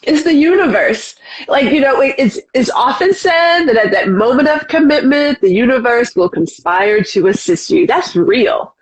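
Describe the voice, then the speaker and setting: A woman's voice: high-pitched, animated, normal speed, few pauses, breathy edge, low-quality recording. A woman hosting a casual live-stream interview, jumping in with enthusiastic agreement. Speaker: host.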